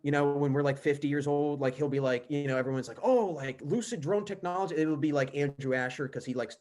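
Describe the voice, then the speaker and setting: A young man in his twenties, a podcast guest, talking in a rambling casual way with lots of filler words. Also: medium pitch.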